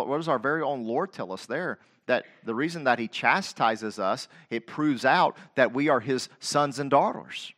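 A middle-aged male pastor preaching a sermon, asking the congregation direct questions, repeating phrases and rising to loud, emphatic scripture quotations. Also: mid-range voice.

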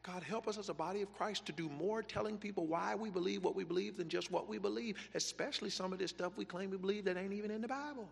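A man's voice: sits high, quick pace, gravelly, few pauses, big-room sound. A man preaching a sermon as pastor, driving points home through emphatic repetition.

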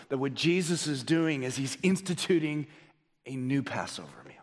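A man preaches as a pastor, very animated and at a moderate pace, throwing rhetorical questions at the congregation. He shifts between loud emphasis and low, quiet delivery. His voice carries a long reverb tail.

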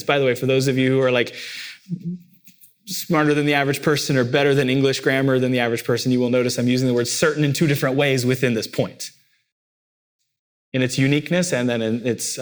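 Man preaching in church; earnest, repetitive emphasis, mid pitch. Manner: emphatic preaching, voice lifting sharply on key phrases. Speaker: pastor. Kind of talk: sermon.

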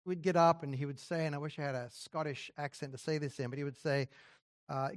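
A man's voice: fairly high pitch, fairly even intonation, fairly quick. A man, a pastor, preaching a sermon in a church during a service, teaching in a conversational way with asides and small laughs.

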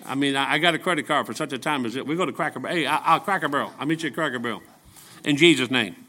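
An older man preaching a folksy, joking sermon full of stories, rising into shouted peaks. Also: mid-range voice, rapid-fire.

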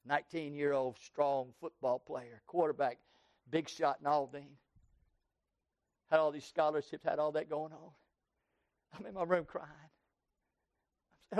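A pastor from Texas with a Southern US accent, preaching an impassioned sermon that swings from loud cries to hushed tones. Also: male voice, fairly high pitch, unhurried, long pauses, no echo. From Texas, USA. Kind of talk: sermon with altar call.

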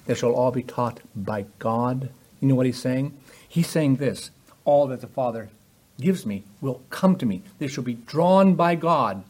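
A man preaches a sermon emphatically, filling it with rhetorical questions and acting out the voices in the passages he quotes. His voice is medium-pitched with a darkish tone.

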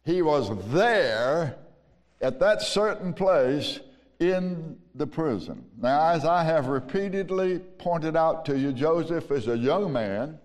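Man, Southern US accent, pastor's sermon, very slow and emphatic, long hall reverb. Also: fairly high pitch, darkish tone.

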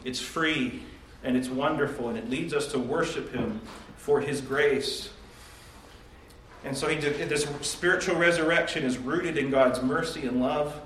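A man's voice: mid-range voice, unhurried, fairly bright tone, slight background noise. A man preaching a devotional sermon, earnest and emphatic, asking and answering rhetorical questions. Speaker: pastor. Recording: echoey room from far off.

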